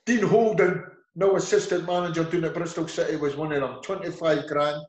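A man's voice: fairly high pitch, fairly even intonation, a little fast, hardly any pauses. A middle-aged Scottish man with an Edinburgh accent, speaking in a slightly raised voice. He rambles through casual stories and slips into the voices of the people he quotes. The recording has an echoey room sound. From Scotland. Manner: rambling storyteller acting out quoted dialogue. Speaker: football manager, guest. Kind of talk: casual interview anecdotes.

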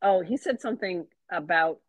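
A young woman co-hosting a book podcast, casually recapping a plot with relaxed fillers. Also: fairly low pitch, normal speed, no room sound. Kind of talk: casual chat. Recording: slightly dull, lo-fi sound.

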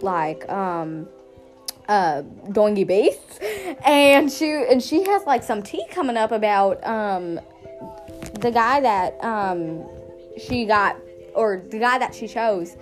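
A young woman co-hosting a podcast, rambling and teasing in a giggly casual chat. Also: fairly high pitch. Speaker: podcast co-host.

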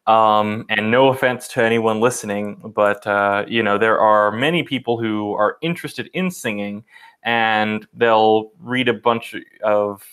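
A man co-hosting a podcast in a relaxed, casual way, laughing easily and using lots of fillers. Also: lowish voice, unhurried, clear, resonant tone. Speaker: podcast co-host.

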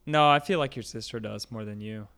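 A woman's voice: very deep voice, fairly quick, creaky, fairly bright tone. A woman co-hosting a casual podcast, answering in short, blunt interjections. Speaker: podcast co-host. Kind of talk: casual chat.

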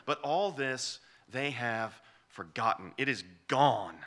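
A man's voice: medium pitch, animated, takes it slowly, few pauses, fairly bright tone. A man preaching an expository sermon, emphatic and repeating key phrases for weight.

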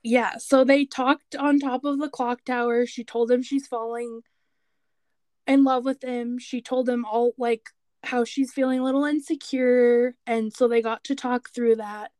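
A woman co-hosting a podcast, chatting casually and retelling scenes with animated quoted voices. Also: on the high side, a little slow, no room sound. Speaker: podcast co-host. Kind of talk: casual chat recapping a TV show.

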